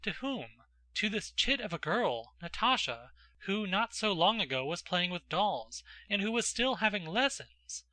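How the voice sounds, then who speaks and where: A male narrator reading a classic novel, measured and even in his storytelling. His voice is strikingly bright and a little high, and it is recorded close and dry. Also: no room sound. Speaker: audiobook narrator.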